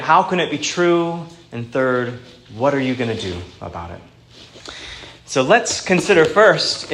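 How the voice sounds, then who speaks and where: A man preaching a sermon with a voice pitched a little higher than most men's. He talks in an earnest, plain-spoken way and slows down to quote scripture. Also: a bit bright, a little hiss or hum.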